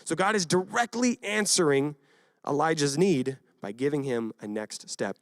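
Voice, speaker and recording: A man's voice: on the high side, normal speed, no room sound, clean studio sound. Young man preaching a casual youth sermon. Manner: casual, animated retelling with acted quotes and frequent "right?". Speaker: youth pastor.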